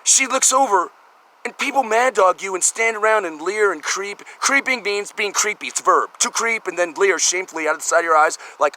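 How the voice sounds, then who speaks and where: Middle-aged guy ranting and cussing, high pitched, sharp tense voice, sarcastic. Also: expressive, brisk, rough recording. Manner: profane, exasperated ranting. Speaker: vlogger. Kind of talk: comedic rant.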